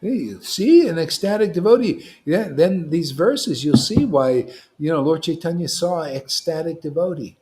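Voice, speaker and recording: A man preaching informally to a devotional group, animated and slangy, often tagging lines with "man". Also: fairly high pitch, moderate pace, few pauses. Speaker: devotional teacher.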